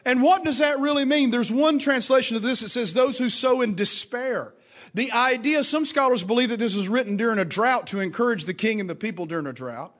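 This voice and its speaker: A man's voice: extremely high pitch, fast talker, hardly any pauses, fairly bright tone. A man preaching a sermon to a live congregation, emphatic and repetitive, calling on the listeners to respond. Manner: emphatic, repeats lines, calls for congregation responses. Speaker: pastor. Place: church service with congregation.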